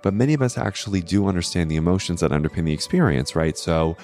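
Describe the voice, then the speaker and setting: A man with a very low voice talks through astrology in an earnest, explanatory way. He often checks in with his listeners by asking "right?". Faint music plays quietly behind him. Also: animated, fast talker. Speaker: astrology host. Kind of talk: educational astrology talk.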